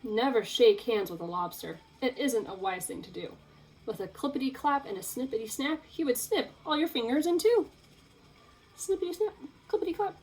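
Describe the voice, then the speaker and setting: A young woman teacher reading a picture book aloud to children, in an expressive, playful storytelling way. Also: on the high side, moderate pace, slight background noise, low-quality recording.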